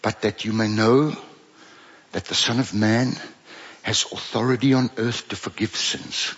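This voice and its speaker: A male pastor with a South African accent preaching a sermon, moving between joking banter and quiet, drawn-out emphasis. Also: on the low side, steady tone, slightly rough, muffled recording. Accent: South African English. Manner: swings from playful banter to hushed, slow emphasis.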